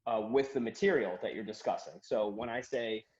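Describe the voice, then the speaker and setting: A man, a comedian and author, chatting as a podcast guest, rambling and animated as he tells stories and acts out quotes. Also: lowish voice, fairly quick. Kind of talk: casual podcast conversation. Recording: dull roomy remote audio.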